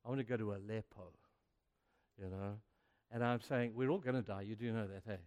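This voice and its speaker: A man's voice: lowish voice, brisk, clean tone. Older male preacher in a reverberant hall. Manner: animated, acts out dialogue in a rising voice. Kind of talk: sermon storytelling.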